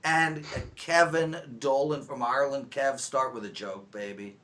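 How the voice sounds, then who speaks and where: A man with a bright, forward voice hosts a casual sports chat, ribbing his co-hosts and keeping things loud and playful. He talks over a video call. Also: medium pitch, measured pace. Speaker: host.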